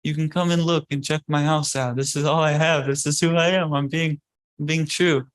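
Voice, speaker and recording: Humble poor street seller, put on by a man, pleading and flustered, pushed up high. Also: fairly even intonation, normal speed, dry recording, lightly acted. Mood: protesting.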